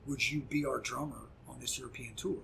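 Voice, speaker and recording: Gravelly man telling a rowdy story. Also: medium pitch, fairly quick, slight background noise. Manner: animated, profane, acts out quoted dialogue. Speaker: podcast guest, punk musician. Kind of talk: casual storytelling chat.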